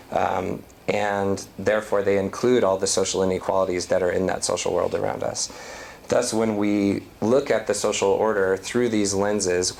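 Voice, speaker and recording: A man giving an academic lecture, reading a prepared talk at a measured pace. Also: low-pitched, creaky, a little mellow, slight background noise. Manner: reads prepared text, measured.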